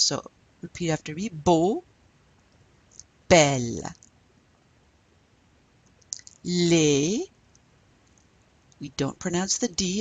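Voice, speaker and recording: A woman teaching French in a recorded lecture, slowly modelling pronunciation for students to repeat. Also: low voice.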